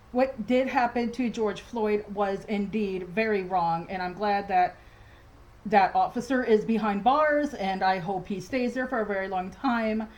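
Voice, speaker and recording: A woman's voice: medium pitch, measured pace, a little mellow, low-quality recording. A woman ranting in a casual home vlog from her dining room, agitated and rambling, with many restarts and fillers. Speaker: vlogger.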